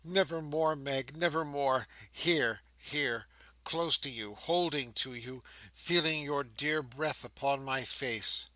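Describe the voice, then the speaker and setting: A man's voice: mid-range voice, takes it slowly, sharp tone, no echo, rough recording. A man reading an audiobook, voicing a fallen young woman who pleads with tremulous grief. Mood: anguished.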